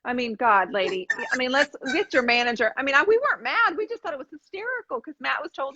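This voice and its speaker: A woman co-hosting a live DIY painting show, telling a funny story with animated acted-out voices. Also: high voice, fast, hardly any pauses, dull audio. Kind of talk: casual chat while painting furniture.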